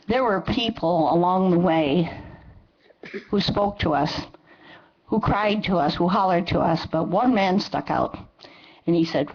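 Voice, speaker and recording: A woman's voice: on the low side, a little mellow, breathy edge. A woman in her seventies giving an angry, impassioned public comment at a council meeting. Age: 70s. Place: council chamber. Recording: dull lo-fi meeting recording.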